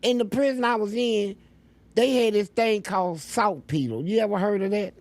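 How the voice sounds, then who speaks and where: Gravelly man telling blunt prison stories. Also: sits high, normal speed, a little mellow. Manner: blunt, profane storytelling. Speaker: interview guest. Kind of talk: storytelling interview.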